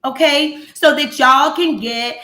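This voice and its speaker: A woman's voice: sits high, slow pace, bright, forceful tone, echoey room. A woman accountant hosting a business talk show, talking straight and playfully with slang and repeats. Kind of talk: lively casual talk.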